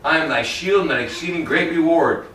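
A man preaching a sermon in a church, lively and conversational, often acting out Bible characters in casual everyday voices. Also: on the high side, brisk, slight background noise. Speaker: pastor. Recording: roomy echo, heard from a distance.

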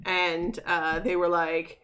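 A woman's voice: on the low side, little pitch movement, takes it slowly, fairly bright tone, low-quality recording. A young woman co-hosting a podcast, recounting convention anecdotes in casual chat. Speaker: podcast co-host.

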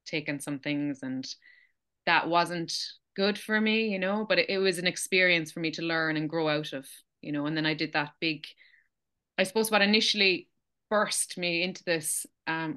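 An Irish woman in her young adult years chats through her story as an interview guest, animated and quick to laugh. Her voice sits a little low, yet it comes across bright and forceful. She leans on casual fillers as she talks. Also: smooth. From Ireland. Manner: animated, chatty, laughs often, many fillers.

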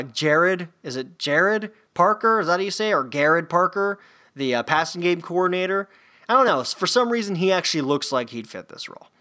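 A man's voice: high-pitched, sharp tone. A man hosting a solo sports podcast, rambling loosely with lots of fillers and restarts. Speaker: podcast host.

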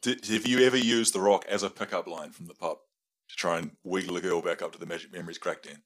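A man's voice: sits low, steady tone, quick pace, fairly bright tone. A man co-hosting a podcast, chatting casually and teasing the guest with questions. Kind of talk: casual chat.

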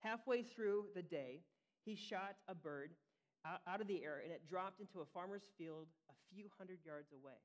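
A man's voice: sits high, moderate pace. A man preaching a sermon in a conversational way, often checking in with listeners. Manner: conversational, asks listeners questions. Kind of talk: sermon teaching.

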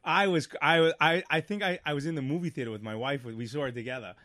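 Talking fast in a slightly high voice, a middle-aged co-host chats casually on a podcast, captured at studio quality without echo. He tells animated stories, restarting repeatedly and acting out the movie quotes he brings up.

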